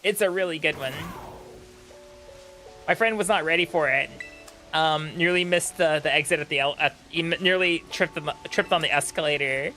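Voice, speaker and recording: A chatty male streamer who rambles along, full of "like" and "um" as he talks to his viewers. His voice is bright and slightly higher than most men's, with faint music playing underneath. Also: normal speed. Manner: rambling, chatty, many fillers. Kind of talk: casual gaming stream chat.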